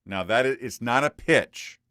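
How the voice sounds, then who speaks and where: A man's voice: medium pitch, normal speed, pushed and bright, no echo, studio quality. A man coaching a student through a one-on-one voice lesson, patient and demonstrative, repeating points for emphasis.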